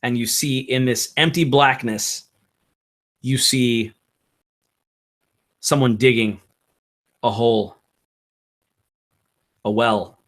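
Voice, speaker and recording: A man narrating a tabletop game as game master, in slow, halting narration with fillers. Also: medium pitch, fairly even intonation, a bit bright.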